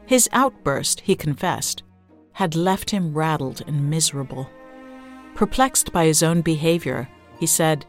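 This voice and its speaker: A woman reading a long-form essay aloud as scripted narration, in a measured, even-toned way. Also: low-pitched, soft background music.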